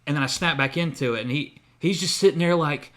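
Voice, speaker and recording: A man's voice: a little high, fairly quick, noisy background. A man co-hosting a podcast, telling a long story in casual chat with many fillers and restarts. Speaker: podcast co-host.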